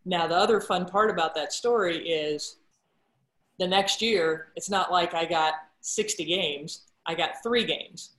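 A middle-aged woman, a sportscaster and guest, telling stories about her career in a casual chat and acting out the quoted dialogue with lively energy. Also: fairly low pitch. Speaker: guest broadcaster. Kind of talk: casual storytelling interview. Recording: roomy echo.

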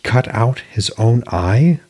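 A man's voice: mid-range voice, sing-song, normal speed, darkish tone, slightly rough, voice pushed up. A man doing a distraught goddess queen.

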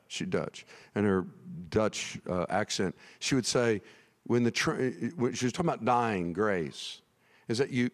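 A man preaching a sermon to his congregation in a church. His voice swings widely in pitch, and he speaks in an animated, conversational way that sometimes climbs to near shouting. He sounds tired. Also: big-room sound. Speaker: pastor.

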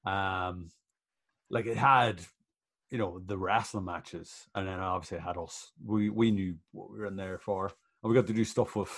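Laid-back man, low voice. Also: steady tone, moderate pace, vocal fry, fairly bright tone. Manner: laid-back, swears freely, laughs often. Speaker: professional wrestler guest. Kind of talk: casual podcast chat.

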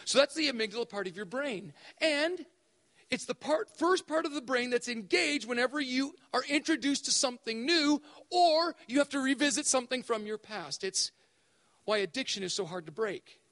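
A man preaching a sermon at a spiritual event, animated and acting out voices to make his points. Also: very high-pitched, normal speed, long reverb tail. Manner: animated, acts out voices for effect. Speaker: speaker at spiritual emphasis days.

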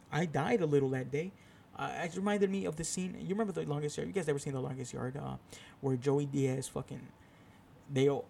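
Talking alone on his podcast, a young host tells a meandering, self-mocking tale full of swearing. His voice sits a little high and sounds creaky and somewhat mellow, with faint hiss or hum in the background.

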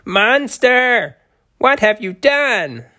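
A man's voice: expressive, slow, creaky, a bit bright, exaggerated voice. A man doing a tiny shrieking turtle. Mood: outraged. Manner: shrill, indignant shrieking. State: has a cold. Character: tiny furious male sea turtle in evening clothes.

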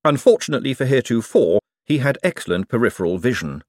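Male audiobook narrator, animated storytelling with a very dry, close sound. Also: medium pitch, fast, no room sound.

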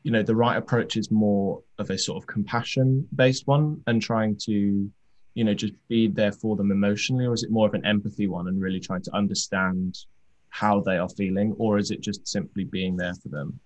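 A man's voice: fairly low pitch, fairly even intonation, normal speed. A man hosting a podcast, asking interview questions hesitantly with many fillers. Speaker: podcast host.

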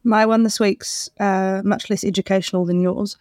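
A woman co-hosting a podcast in casual chat, laughing often and turning animated when amused. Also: medium pitch, moderate pace, no room sound, studio quality. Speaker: podcast co-host.

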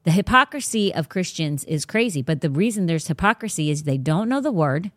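A woman's voice: lowish voice, expressive, brisk, dry recording. Emphatic woman host, casual faith talk, dry close sound. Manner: blunt, emphatic, preachy. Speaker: podcast host.

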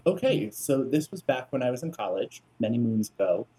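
A man co-hosting a podcast, relaxed and self-deprecating as he tells a story in casual chat. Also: medium pitch, normal speed. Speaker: podcast co-host.

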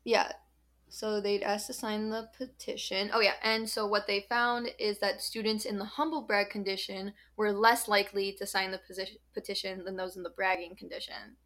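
A woman's voice: medium pitch, level tone, normal speed, fairly bright tone. Chatty young woman podcaster. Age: young adult. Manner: chatty, lots of "like" and "um". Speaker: podcast co-host. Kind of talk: casual podcast chat.

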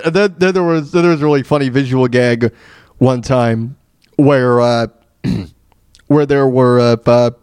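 A man's voice: mid-range voice, darkish tone, no echo, clean studio sound. A man hosting a radio show, telling stories in a rambling, casual way with many fillers and restarts. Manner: laughs at his own retold jokes. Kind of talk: casual storytelling monologue.

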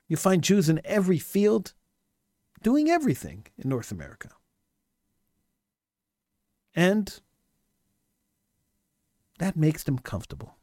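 A man's voice: sits high, big pitch swings, measured pace, pauses often, a little mellow, dry recording, clean studio sound. A man delivering an impassioned monologue commentary, hammering points home with repeated rhetorical questions.

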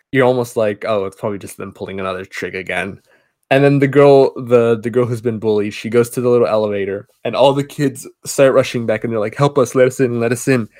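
A podcast co-host retells a film's story in casual movie review chat, rambling loosely and often doubling back or restarting his sentences. His pitch is an ordinary middle range, and he sounds relaxed and conversational throughout.

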